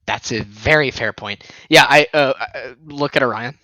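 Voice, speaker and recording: Excitable man player. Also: medium pitch, no room sound, poor audio. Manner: quick, excitable. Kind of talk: casual tabletop chat.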